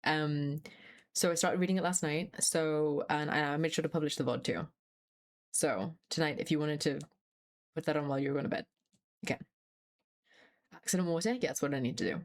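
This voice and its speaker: A woman's voice: low-pitched, a little fast, long pauses. Chatty young woman streamer. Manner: chatty and scattered, swears freely, laughs often. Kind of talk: casual live-stream chat.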